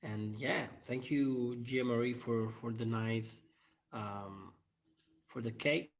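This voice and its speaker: A man's voice: medium pitch, takes it slowly, vocal fry. A man hosts his own channel in a loose, rambling live-stream chat. He fills his sentences with hesitations and breaks into laughter often. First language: Italian. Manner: rambling, frequent fillers and laughter. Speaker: channel host.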